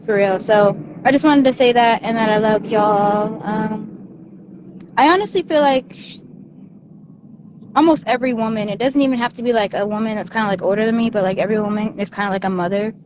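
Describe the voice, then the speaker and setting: A woman's voice: mid-range voice, brisk. A woman calling into a livestream, rambling in casual chat and saying "like" often. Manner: rambling, heavy use of "like". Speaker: guest caller on a livestream. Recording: dull lo-fi call audio with faint noise.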